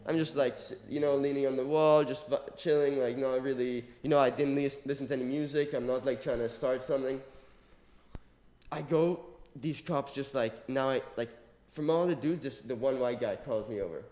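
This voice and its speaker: A man from Mexico co-hosting a podcast, telling a story in a casual, animated way, swearing often and acting out what other people said. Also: mid-range voice, moderate pace. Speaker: podcast co-host. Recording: roomy echo.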